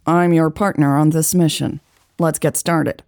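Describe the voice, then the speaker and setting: A woman's voice: sits low, steady tone, unhurried, a little mellow, no room sound, clean studio sound. A woman voicing a cocky young male officer with a nasal voice, speaking in a casual, offhand way.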